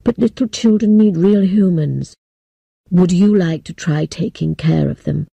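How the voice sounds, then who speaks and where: Female reader voicing solemn elderly president, dark gravelly tone, slow regretful delivery. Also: on the low side, no room sound, highs cut off, exaggerated voice. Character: old male president, grave and apologetic.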